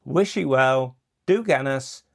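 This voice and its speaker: A man's voice: medium pitch, slow, vocal fry, no echo, studio quality. A man with a Cornish accent hosting a podcast, talking casually and self-deprecatingly. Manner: chatty and self-deprecating, lots of agreeing fillers. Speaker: podcast host.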